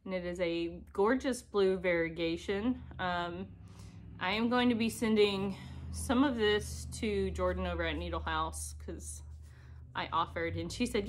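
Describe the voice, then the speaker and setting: A woman's voice: mid-range voice, a little slow, slight background noise. A woman chatting casually to camera at home as a cross-stitch vlogger, giggly and self-deprecating, filmed by a camera set on an ironing board. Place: home, indoors.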